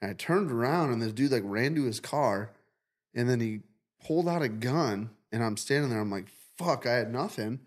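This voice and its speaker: A man's voice: mid-range voice, animated, moderate pace. A man casually telling a long dream story on a podcast, rambling and profane, acting out quotes. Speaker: podcast co-host.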